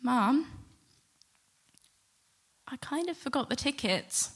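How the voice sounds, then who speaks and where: A middle-aged woman telling a personal story to a live audience, animated and acting out the quotes. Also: sits high, takes it slowly, slightly rough. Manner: lively, animated retelling with acted-out quotes. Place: stage before a live audience.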